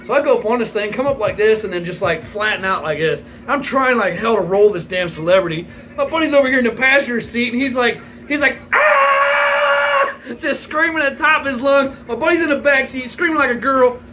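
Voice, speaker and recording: A man's voice: very high voice, quick pace, few pauses, background noise. A man in his forties telling a rambling, profane story in a casual vlog, laughing as he goes. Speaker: vlogger.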